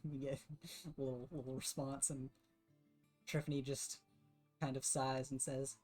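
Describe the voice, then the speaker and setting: A woman game master narrating a superhero tabletop game in a relaxed, plain way. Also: a bass voice, measured pace, long pauses, soft background music.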